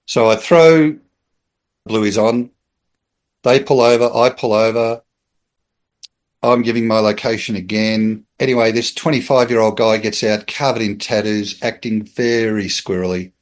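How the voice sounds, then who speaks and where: Lively Australian man telling a story. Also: on the low side, measured pace. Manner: lively storyteller who acts out voices and laughs mid-sentence. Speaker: guest, former police officer. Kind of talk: casual storytelling anecdote.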